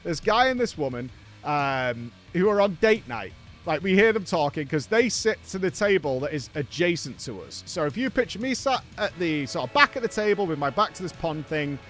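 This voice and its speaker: A man's voice: on the high side, fairly bright tone. A middle-aged man, a podcast host, animatedly telling a story in a casual chat, swearing and laughing as he goes.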